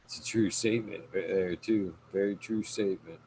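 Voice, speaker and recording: A man's voice: low-pitched, fairly even intonation, moderate pace, darkish tone, a little hiss or hum, low-quality recording. A man hosting a casual podcast, rambling with lots of fillers as he thanks his guest. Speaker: podcast host.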